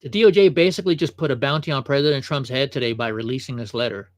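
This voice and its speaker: A man's voice: medium pitch, fast, dry recording, clean studio sound. A man hosting a livestream and giving casual reaction commentary, full of offhand asides. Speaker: livestream host.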